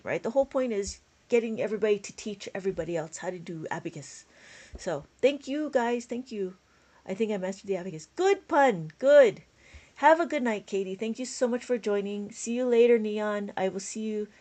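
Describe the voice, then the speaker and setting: A woman's voice: medium pitch, expressive, fairly quick, warm tone. Tired, chatty woman teaching abacus. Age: adult with a school-age child. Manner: chatty, laughs often, counts steps aloud. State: tired, yawning. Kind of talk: live-stream math lesson, chatting with viewers.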